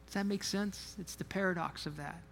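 A man with a high, creaky, fairly bright voice preaches as a pastor in a church sanctuary, his fairly even intonation moving fairly quickly and sounding like a large hall. Conversational in style, he often repeats himself and asks the congregation questions.

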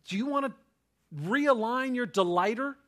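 A man preaching a sermon, talking in a conversational way with frequent "right?", who swings from loud rising outbursts to soft hushed tenderness. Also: very high-pitched, moderate pace. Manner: conversational, repeats words and asks "right?" often. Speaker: pastor.

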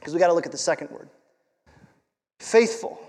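A man's voice: on the high side, lively intonation, a little fast, a little mellow. A man preaching in a reverberant hall. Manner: conversational, emphatic preaching with rhetorical questions. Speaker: pastor. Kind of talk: sermon.

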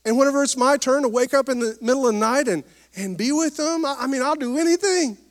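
A man in his thirties delivers a sermon in a high-pitched voice. He preaches with swelling emphasis and folksy humor, calling on the congregation for amens. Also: quick pace. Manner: preacherly, rising and falling emphasis, calls for amens. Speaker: pastor.

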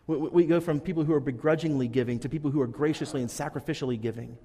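A man's voice: a little high, very fast, warm tone, in a large hall. A man preaching a sermon, telling a Bible story earnestly and acting out the characters' lines. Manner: earnest storytelling, acts out quotes. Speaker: pastor.

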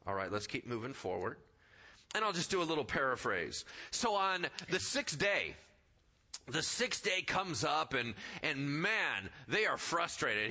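Lively, bright-voiced male preacher. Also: mid-range voice. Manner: animated, conversational preaching with acted-out voices. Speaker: pastor. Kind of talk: sermon.

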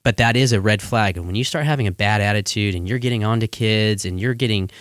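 A man with a fairly low voice talks earnestly as a podcast guest, leaning on "you know" as he goes. The recording is dry and close, with no room sound. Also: fast talker, fairly bright tone, dry recording. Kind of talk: casual chat.

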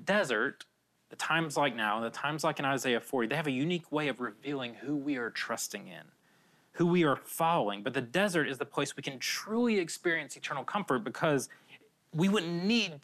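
A man's voice: mid-range voice, lively intonation, normal speed, sharp tone. A middle-aged man, a pastor, preaching an earnest, conversational sermon with repeated phrases and frequent restarts.

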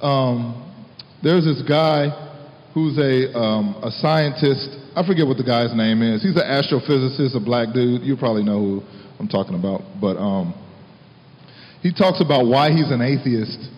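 A man preaching a sermon in a relaxed, conversational way, laughing often and reading scripture aloud. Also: medium pitch, moderate pace. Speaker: pastor. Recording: long hall reverb, dull lo-fi sound.

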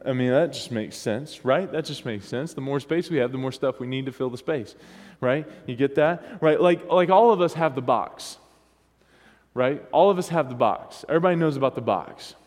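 A man's voice: medium pitch, moderate pace, a little mellow. A man preaching a sermon as pastor, talking casually and often asking the congregation for responses. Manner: conversational, asks the congregation for responses. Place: church. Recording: long hall reverb.

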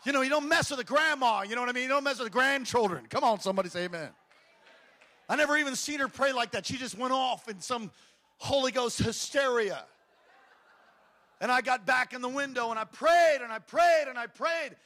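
Pastor guy preaching, high bright voice, goes from quiet to yelling. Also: brisk. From Hawaii. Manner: impassioned storytelling, swinging from hushed to shouting. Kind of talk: sermon.

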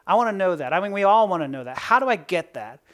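In a lowish voice and at a quick pace, a woman gives a sermon. Her delivery is chatty and animated, full of rhetorical questions, and she laughs at the jokes she makes.

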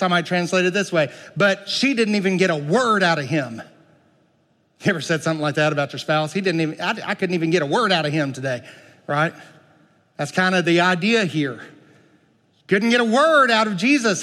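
A male pastor preaching a sermon, swinging from loud, emphatic peaks to quiet, low asides and asking the congregation questions. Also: in a large hall. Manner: dynamic preaching, rising loud then dropping soft, asks the congregation questions. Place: church sanctuary.

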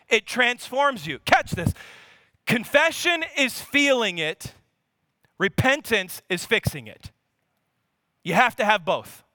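A man in his thirties, from Louisiana and with a Louisiana accent, preaching an animated sermon. He repeats his points and throws rhetorical questions at the congregation. His voice sits high and bright, and it is recorded dry and close. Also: no room sound. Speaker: pastor.

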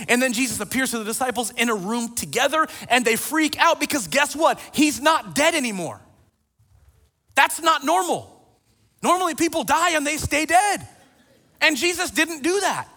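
High-voiced bright pastor preaching. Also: male voice, normal speed. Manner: animated storytelling, quoting scripture. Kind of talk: sermon. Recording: long reverb of a large hall.

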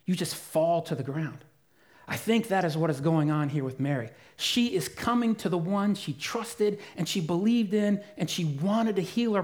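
A man preaching a sermon as pastor, earnest and emphatic, dropping to a soft voice for quiet moments. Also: fairly high pitch.

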